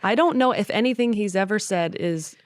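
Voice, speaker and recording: A woman sharing a candid personal story in conversation, animated and acting out her own past thoughts. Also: medium pitch, fairly quick, no echo, clean studio sound. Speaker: podcast guest.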